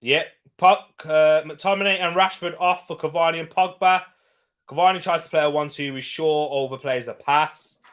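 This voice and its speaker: A young man hosting a casual live football watch-along, chatting and rambling between quick bursts of excitement over the match. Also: fairly high pitch, clean tone. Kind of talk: casual live-stream chat and match commentary.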